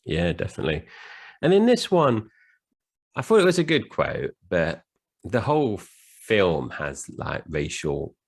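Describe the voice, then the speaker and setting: A man with a very deep, gravelly voice chats about a film in a casual way. He reads out lines plainly and does not put on any voices. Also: very animated, measured pace. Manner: plain, reads quotes out without doing voices. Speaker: podcast co-host. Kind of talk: casual film review chat.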